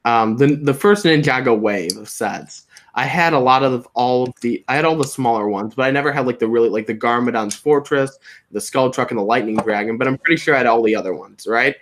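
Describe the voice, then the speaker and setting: Young male streamer, mid-pitched, easygoing rambler who laughs often; casual chat while building Lego. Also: a little fast, slight background noise. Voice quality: soft, slightly slurred when quiet.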